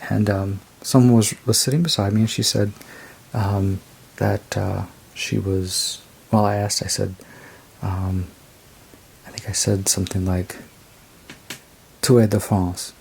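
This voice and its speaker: A man casually reviewing a tarot deck, rambling and unhurried as he describes each card. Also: fairly low pitch, little pitch movement, creaky, a little mellow, slight background noise. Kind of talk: casual show-and-tell review.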